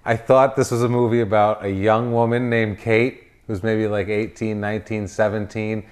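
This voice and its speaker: A man co-hosting a podcast, chatting casually about a movie in a rambling, halting way full of restarts. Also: fairly low pitch, little pitch movement. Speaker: podcast co-host. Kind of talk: casual chat.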